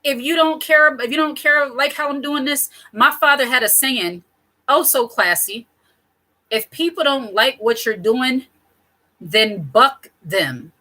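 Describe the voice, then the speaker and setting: A woman in her thirties talks straight to her viewers in a loose, candid way, stopping to correct herself and laughing softly along the way. Her voice sits a touch high, with a bright, forceful edge. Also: unhurried. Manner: candid, chatty, self-correcting with small laughs. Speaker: channel host. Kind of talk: casual talk to camera.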